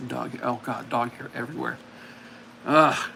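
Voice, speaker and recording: A man's voice: medium pitch, steady tone, measured pace, vocal fry, heavy background noise. Chatty man streaming from home. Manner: chatty, coos at his dog. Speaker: streamer host. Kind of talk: casual live-stream chat.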